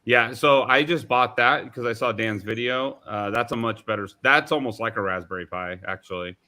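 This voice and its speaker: A man hosting a live online chat about making things, telling animated, rambling stories with many restarts. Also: mid-range voice, normal speed. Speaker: host of a live maker chat. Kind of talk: casual chat.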